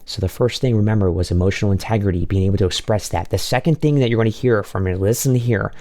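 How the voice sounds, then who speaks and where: A man working as a vocal coach, reacting to a performance with animated, exclaiming commentary. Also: lowish voice, quick pace. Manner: animated, exclaiming, talks over the clip.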